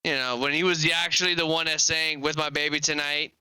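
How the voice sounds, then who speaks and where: A man's voice: on the high side, flat delivery, fast, pushed and bright, clean tone, dry recording. A man hosting a casual live podcast, chatting loosely and rambling about wrestling. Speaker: podcast host.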